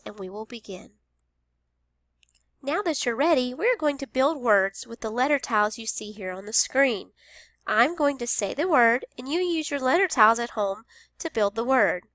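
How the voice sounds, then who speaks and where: A woman teaching a phonics lesson to young children, speaking slowly and sounding out each word with care. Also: a little high, a bit bright, no room sound. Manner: slow, careful, over-enunciated.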